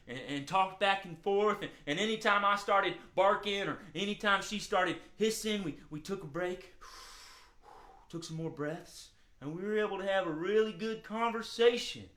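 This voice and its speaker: A man voicing an excitable, friendly male hound dog puppet on a children's show, talking in halting, stammering bursts. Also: high voice, roomy sound. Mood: mellow.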